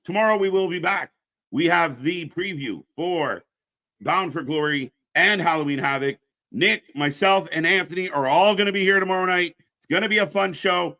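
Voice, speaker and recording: Brash, bright-voiced wrestling stream host. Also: male voice. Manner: blunt, ranting, swears freely; pitches channel shows to viewers. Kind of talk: casual live-stream commentary.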